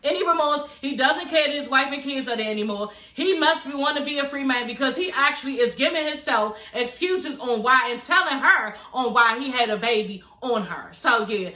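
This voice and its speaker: A woman's voice: high voice, expressive, brisk, few pauses, bright, forceful tone, reverberant. A woman, recapping a reality TV show in a casual chat, sassy and blunt, swearing and laughing often.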